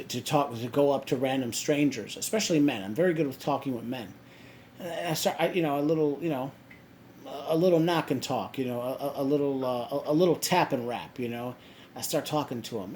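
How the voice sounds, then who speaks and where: A man with a mid-range voice tells a long story to his viewers. He stumbles, restarts, and fills his pauses with "uh" and "you know", over a faint background hum. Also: medium pitch, darkish tone. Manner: halting, many restarts and fillers. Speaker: vlogger. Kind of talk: casual storytelling.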